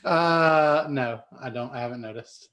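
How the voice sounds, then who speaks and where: A man's voice: medium pitch, unhurried, fairly bright tone, reverberant. Laid-back male tabletop player. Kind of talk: casual tabletop play.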